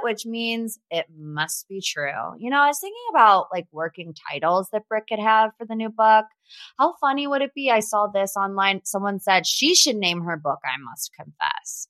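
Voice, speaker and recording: A woman's voice: mid-range voice, fairly bright tone, dry recording. A woman hosting a pop culture podcast, chatting casually with gossipy, sarcastic asides. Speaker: podcast host.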